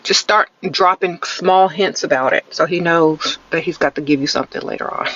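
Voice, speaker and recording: A woman streams live from her car, offering sassy, no-nonsense dating advice and teasing viewers with "okay?" at the end of her points and a sarcastic "sprinkle, sprinkle." She speaks at a normal speed in a lowish, fairly bright voice. Recorded on a close-held phone, the audio is muffled but has no echo.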